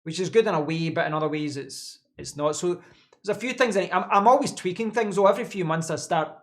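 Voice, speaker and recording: A man's voice: high voice, fast talker. A man hosting a casual live stream from his home office desk, answering chat in a rambling way and repeating words as he thinks.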